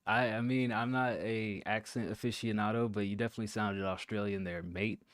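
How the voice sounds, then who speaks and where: Low-voiced man with dry humor. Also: fairly even intonation, a little fast, no room sound. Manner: dry, questioning, wry teasing. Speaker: podcast co-host. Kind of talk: casual chat.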